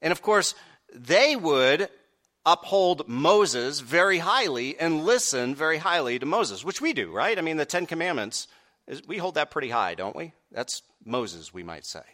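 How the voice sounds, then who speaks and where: A man preaching a sermon, asking the congregation direct questions and swinging from quiet earnest stretches to loud raised peaks. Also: on the high side, very animated, unhurried. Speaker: pastor.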